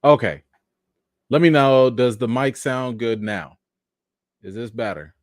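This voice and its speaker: A man's voice: mid-range voice, a little slow, dry recording. Laid-back chatty live-stream host, a man. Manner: laid-back, chatty, greets viewers by name. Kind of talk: casual live-stream chat.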